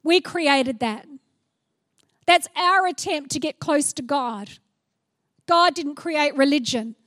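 A middle-aged woman preaching a sermon, animated and playful, acting out little scenes as she goes. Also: high voice, slow pace, no echo, clean studio sound.

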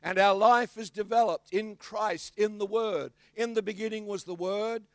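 An Australian man preaching a sermon as pastor, telling stories in an animated, bantering way. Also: high voice, normal speed, no room sound.

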